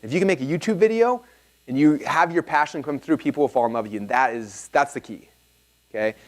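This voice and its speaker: A man's voice: mid-range voice, fast. A man leading a live workshop seminar, telling stories energetically and checking in with his audience. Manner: energetic, animated storyteller, often checks in with the audience. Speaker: workshop speaker. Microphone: filmed talk.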